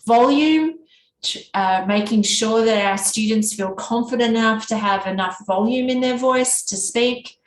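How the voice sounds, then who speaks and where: A woman's voice: a little high, moderate pace, few pauses. A woman with a nasal Australian East Coast accent presenting a teacher workshop in an easy conversational way. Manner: can be monotone; conversational, with fillers and restarts. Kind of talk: workshop talk. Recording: echoey room with faint background noise.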